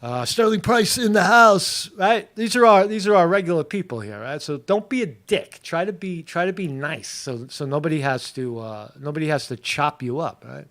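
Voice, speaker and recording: Male livestream host, higher-pitched, casual, rambling with lots of fillers, greets chat by name. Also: expressive, moderate pace, hardly any pauses. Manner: rambling, loose, with many fillers and restarts.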